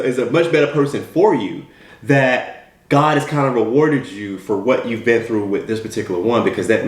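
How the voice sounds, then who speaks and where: A man giving an emphatic motivational talk, full of repeated rhetorical questions. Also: mid-range voice. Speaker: motivational speaker. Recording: echoey room.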